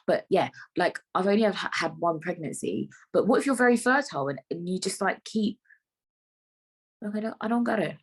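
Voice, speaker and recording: A woman's voice: medium pitch, animated, brisk, breathy edge. A young woman hosting her own podcast, talking frankly and rambling, with plenty of swearing. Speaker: podcast host. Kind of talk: casual solo podcast monologue.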